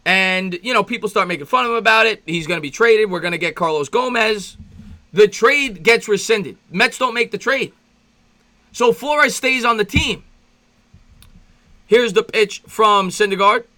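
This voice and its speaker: A man with a high, bright, ringing voice calls a game pitch by pitch like an amateur broadcaster. He rambles between plays, greets his viewers and gets worked up, his voice leaping up when excited. His asides run on loosely. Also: normal speed. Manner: excitable, voice jumps up when reminiscing. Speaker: fan play-by-play host. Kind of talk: amateur play-by-play commentary with reaction.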